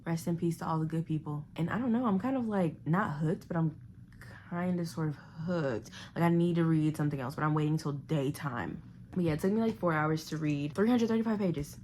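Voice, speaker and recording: A young woman talks through a thriller she just read in a chatty, animated home vlog. Now and then she drops into a hushed whisper. A faint hiss sits under her voice. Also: low-pitched, fairly quick. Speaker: book vlogger. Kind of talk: casual chat reviewing a thriller. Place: home living room.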